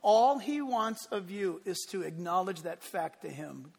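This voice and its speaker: A man preaching a sermon, telling the story with lively acted-out voices and building to impassioned peaks. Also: high voice, a little slow, big-room sound. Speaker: pastor.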